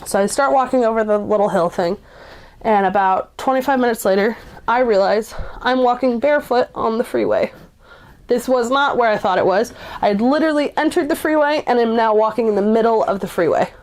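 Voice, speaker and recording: A woman's voice: on the high side, a little fast, darkish tone. Chatty young woman telling a story. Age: 20s. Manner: chatty, frequent "like", blunt swearing. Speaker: person in recovery telling her story. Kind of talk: casual spoken storytelling.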